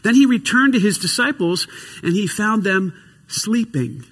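Tired, animated preaching man, high bright voice. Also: unhurried, slightly rough, big-room sound. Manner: animated preaching, swinging between loud emphasis and quiet asides. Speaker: pastor. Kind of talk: sermon. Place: church hall with congregation.

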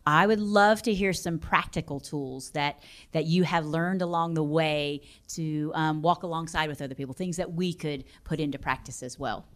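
A woman's voice: low voice, moderate pace. A woman hosting a church class, encouraging the panel and asking for practical advice. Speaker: class host and moderator. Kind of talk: moderating a panel discussion.

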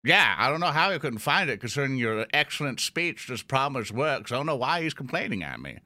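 A man playing in a tabletop role-playing game, answering with wry, quick replies. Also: medium pitch, big pitch swings, pushed and bright, no room sound. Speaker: player. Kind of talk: casual tabletop play.

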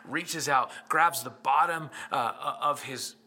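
A man's voice: medium pitch, takes it slowly, bright, forceful tone. A man, a pastor, preaching a sermon with impassioned delivery, retelling scripture stories and building in intensity. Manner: storytelling scripture accounts.

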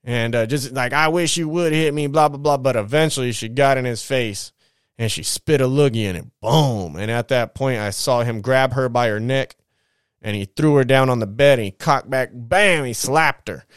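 A man's voice: medium pitch, normal speed, clean tone, no echo, studio quality. A man hosting his own show, telling his life story in a casual, slangy, profane way and acting out the people in it. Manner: profane, slangy street talk; animated retelling with quoted voices.

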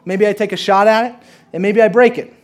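A man's voice: sits high, fairly even intonation, fairly quick, pitched above the performer's own voice, natural voice. A man reading a movie monologue aloud, voicing a brilliant, bitter young working-class man in a long sarcastic rant. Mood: sardonic.

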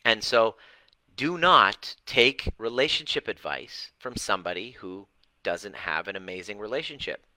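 Fired-up, blunt man with very bright voice. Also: on the low side, lively intonation, unhurried, dry recording, rough recording. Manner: passionate, blunt, swears for emphasis; dramatic, fired up. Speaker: relationship and healing coach. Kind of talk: livestream talk to an online group.

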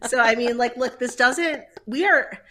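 A woman in her thirties co-hosting a podcast in casual chat, laughing often, excitable and swearing freely. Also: on the high side, moderate pace, slight background noise. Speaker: podcast co-host.

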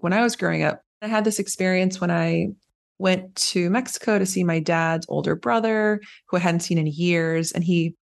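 A woman host with a low voice and a gravelly edge of vocal fry. She talks in a relaxed, casual way, sharing personal stories openly. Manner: open, personal storytelling. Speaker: podcast host. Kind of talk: casual conversation.

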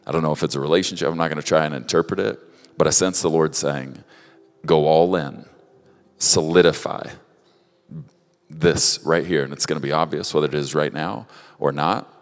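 Deep-voiced guy giving prophetic words, talks right at you, kinda halting, repeats himself, big echoey hall. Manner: halting, repeats words, speaks warmly to one person at a time. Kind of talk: prophetic ministry, speaking directly to people. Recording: long reverb of a large hall.

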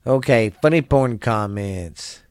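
A man's voice: medium pitch, animated, slow pace, clear, resonant tone, no room sound, studio quality. A tired man hosting his own podcast in loose, rambling, crude casual chat, coughing and trailing off. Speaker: podcast host.

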